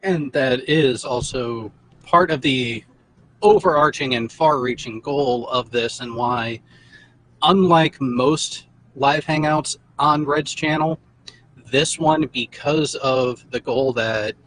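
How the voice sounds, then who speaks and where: A male host speaks slowly and in a measured way on a livestream chat. He explains things patiently, with a few hesitant fillers. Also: medium pitch, fairly bright tone, rough recording.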